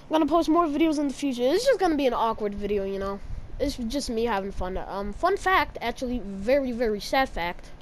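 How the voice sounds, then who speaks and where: Jokey girl gamer commenting her run, yells at the game, faint noise behind. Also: fairly high pitch, a little fast. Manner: excitable, yelps and shouts at the game; jokey, teasing asides to viewers. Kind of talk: casual gameplay commentary.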